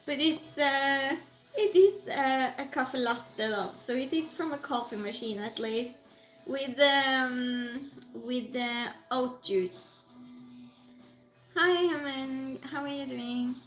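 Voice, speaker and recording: A woman with a high voice and a British English accent tinged with Norwegian runs a laid-back livestream from a room at home, speaking at an unhurried pace. She welcomes viewers individually and reads their comments out loud, her voice echoing in the room over faint background music.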